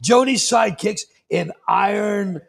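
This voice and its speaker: A man hosting a live show from a roadside bar, loud and hyped, joking about being bad with names. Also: high voice, unhurried, creaky. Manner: hyped, rowdy and self-deprecating.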